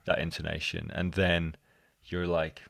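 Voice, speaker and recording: A man chats as a podcast host, his voice sitting a little low. He talks in rambling, self-correcting sentences and keeps acting out his own thoughts. The recording is dry, with no room sound. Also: completely flat delivery, measured pace, gravelly, a bit bright, dry recording. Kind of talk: casual conversation.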